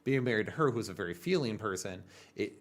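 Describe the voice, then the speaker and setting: A man in his thirties hosts a relaxed podcast conversation. His voice sits low, and he speaks earnestly, livening up as he tells stories and breaks into laughter. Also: quick pace. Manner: earnest, animated storytelling with laughs. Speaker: podcast host. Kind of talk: casual podcast chat.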